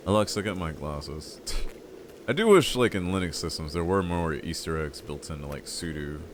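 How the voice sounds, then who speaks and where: A man casually commenting while he plays a video game and chats with his viewers, a bit stuffy-nosed, with sudden loud excited outbursts. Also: very deep voice, normal speed, a little hiss or hum. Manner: chatty, talks to chat, loud excited outbursts. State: stuffy nose. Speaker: game streamer. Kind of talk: casual let's-play commentary.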